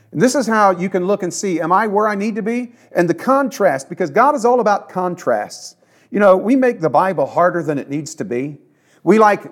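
A man preaching a sermon in an earnest, conversational way, leaning on emphatic repetition. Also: a little high. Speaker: pastor.

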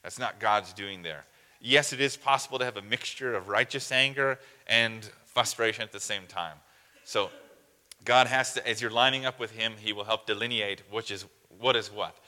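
A man's voice: on the low side, normal speed, pushed and bright, in a large hall. A man preaching a sermon as pastor, putting earnest, direct questions to his listeners.

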